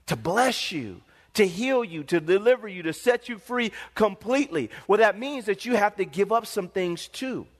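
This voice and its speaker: A man's voice: high voice, animated, normal speed. A male pastor preaching a sermon in an emphatic, repetitive, call-and-response manner, with a long hall reverb.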